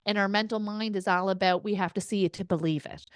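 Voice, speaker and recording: At a quick pace, with a clear, resonant tone and no echo, a woman gives a casual spirit reading as a medium. She chats away, laughs often, throws in occasional swearing, and relays quotes in an excited, raised voice.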